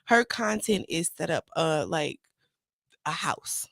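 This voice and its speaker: A woman's voice: low-pitched, slow pace, vocal fry, no room sound. A middle-aged woman hosting an open mic show, chatting casually and animatedly with her viewers and her guest. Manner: animated, drawling, talks straight to viewers. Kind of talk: casual chat.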